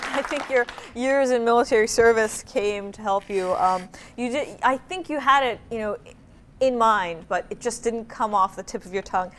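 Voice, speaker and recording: A woman's voice: fairly high pitch, moderate pace, a faint crowd, a little hiss or hum. A woman co-hosting a quiz show, chatting with contestants and moving the rounds along in an upbeat, teasing way.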